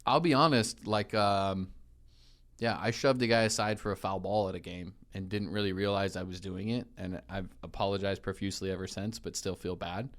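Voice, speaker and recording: A man in his forties co-hosting a casual studio chat on a radio show, easygoing and quick to laugh while teasing his co-host. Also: deep voice, steady tone. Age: 40s.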